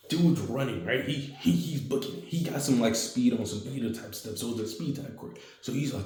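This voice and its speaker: A man's voice: medium pitch, animated, fairly quick, few pauses, mellow, reverberant. A man telling a homemade fan story casually, rambling with slang and fillers.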